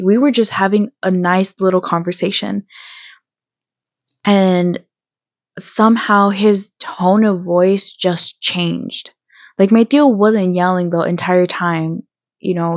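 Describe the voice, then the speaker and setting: A woman hosting her own channel, telling a personal story in a hesitant vlog style with many pauses and restarts. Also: on the low side, no room sound, muffled recording. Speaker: channel host.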